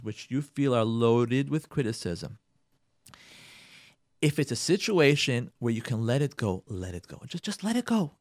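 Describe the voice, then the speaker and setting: Guy on radio giving marriage advice, higher voice that swings all over, dry close sound, keeps repeating himself. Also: no room sound. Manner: animated, emphatic, repeats phrases, acts out quotes. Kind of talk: Jewish community radio talk.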